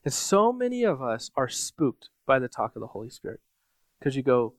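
A man's voice: mid-range voice, very animated, normal speed, no echo. A man preaching a sermon as pastor, telling a personal story in a loose, conversational way with frequent fillers.

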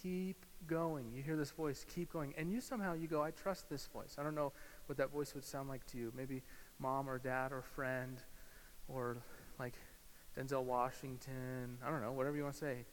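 A male pastor preaching a sermon, swinging from loud emphasis to hushed, slow guided imagery. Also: mid-range voice, flat delivery. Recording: hall reverb with faint hiss.

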